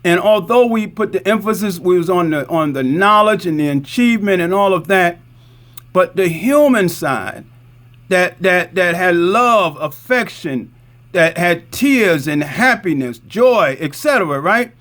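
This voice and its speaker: High-voiced middle-aged imam, chatty. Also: male voice, lively intonation, unhurried, a bit bright. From Newark, New Jersey. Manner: conversational, repeats points, asks "right?" often. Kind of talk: community talk with show-and-tell.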